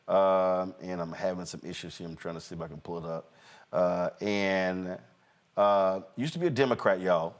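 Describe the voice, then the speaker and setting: Guy hosting a political talk show, mocking and animated, keeps trying to play clips. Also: deep voice, normal speed. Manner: animated, mocking, talks while fumbling with playback. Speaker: host. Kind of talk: casual political commentary.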